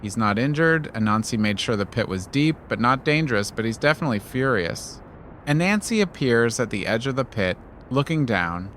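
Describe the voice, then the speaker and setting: A man tells a bedtime story with wry, playful asides. His voice sits in a middle register and moves lively up and down. His delivery is relaxed, scripted narration. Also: medium pitch, moderate pace, slight background noise.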